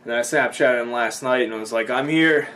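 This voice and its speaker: A man's voice: medium pitch, level tone, quick pace, a bit bright, slight background noise. A man in his twenties from Boston, rambling casually in a vlog recap, with many ums and restarts and frequent swearing. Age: 20s. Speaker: vlogger.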